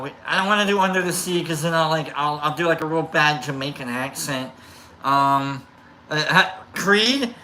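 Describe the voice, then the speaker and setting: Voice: mid-range voice, sharp tone, slight background noise. A live-stream host chatting loosely with viewers, rambling with many restarts and fillers.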